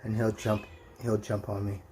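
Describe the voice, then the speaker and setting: A man vlogging casually, talking softly and affectionately to his pet cat and coaxing it. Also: on the low side, flat delivery, moderate pace, very noisy. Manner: soft, cooing, affectionate toward the cat.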